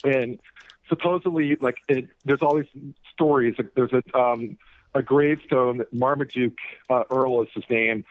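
A man's voice: medium pitch, fairly even intonation, a little slow. A man who is an author and guest, talking casually in an interview, rambling with many fillers and restarts. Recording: tinny phone-like radio audio.

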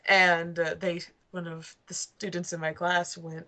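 Brief: young female student, bright voice, chatty guest. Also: fairly low pitch, flat delivery, unhurried. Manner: chatty, laughs while telling anecdotes. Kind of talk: casual chat.

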